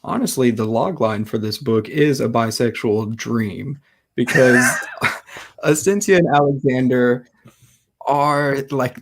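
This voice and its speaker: A man's voice: medium pitch, slow. Easygoing male interviewer, laughing along. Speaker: interviewer, host. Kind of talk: casual interview chat.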